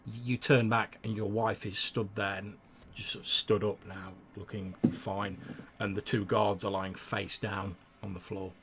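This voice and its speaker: A man's voice: lowish voice, little pitch movement, unhurried, a crowd in the background. A man narrating as game master, describing scenes with frequent stammered restarts.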